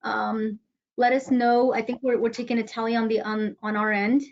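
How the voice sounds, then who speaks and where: A woman with a somewhat high voice moderates a webinar over a video call. She speaks in a measured way, often repeating words as she hands over to speakers. The audio sounds muffled, as from a video call. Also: flat delivery, slight background noise.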